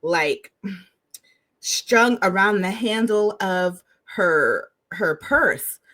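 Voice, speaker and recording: A woman co-hosting a podcast, telling stories in an animated way and laughing often. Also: mid-range voice, extremely slow, no room sound. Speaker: podcast co-host. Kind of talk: casual chat.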